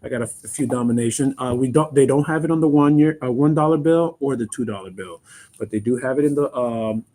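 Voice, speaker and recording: Male co-host, mid-pitched, animated and halting, lots of "uh" and laughter. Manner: animated storyteller, halting with fillers, laughs often. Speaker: co-host of company live stream. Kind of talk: casual chat.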